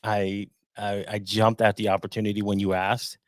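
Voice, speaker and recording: A man's voice: on the low side, little pitch movement, moderate pace, no room sound. A man as a guest on a live-stream podcast, chatting casually and rambling with frequent restarts. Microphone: home webcam setup.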